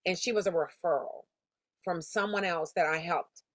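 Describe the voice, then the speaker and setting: A woman's voice: fairly low pitch, moderate pace, dry recording. A woman sales coach giving a motivational lesson in an emphatic, conversational, slangy storytelling manner. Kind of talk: motivational teaching talk.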